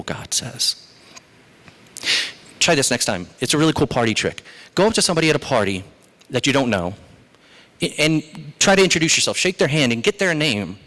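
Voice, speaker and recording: A male pastor delivering a sermon, moving between slow, weighty lines and quick, chatty asides. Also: fairly high pitch. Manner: animated, shifts between slow emphatic phrases and quick asides.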